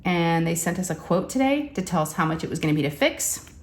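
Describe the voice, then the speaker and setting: A woman's voice: lowish voice, fast talker. A woman, a crafting vlogger telling a story in casual chat and acting out the quotes with animation. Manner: animated, acts out quotes, says y'all.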